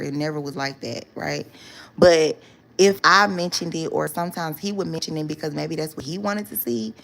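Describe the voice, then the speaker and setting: A woman's voice: sits low, creaky. A young woman telling a story to her viewers in casual chat, chatty and loose with slang, fillers and "right?" asides. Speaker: storytime vlogger.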